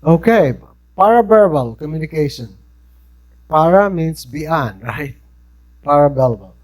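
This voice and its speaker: A male instructor with a Filipino accent lectures a class conversationally, often checking in with "right?". His voice is on the high side, expressive, and a little slow, and the audio quality is poor.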